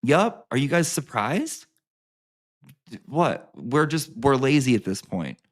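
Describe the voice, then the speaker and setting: A man's voice: mid-range voice, very animated, slow. A man ranting to his viewers, sarcastic and full of swearing, repeating lines for emphasis. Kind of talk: profane sarcastic rant to camera.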